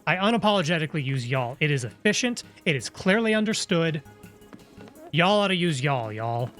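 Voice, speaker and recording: Chatty man streaming a game, slightly high voice. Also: very animated, moderate pace, a bit bright, faint music behind. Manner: chatty, musing, playful asides. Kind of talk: live gameplay commentary.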